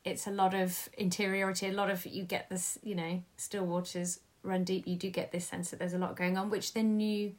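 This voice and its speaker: A woman's voice: fairly low pitch, little pitch movement, a little fast, hardly any pauses. A woman talks over a film in easy conversation. She hunts for the right word, backtracks and corrects herself as she goes. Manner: searching for words, self-correcting. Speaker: film reviewer. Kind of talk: casual film discussion.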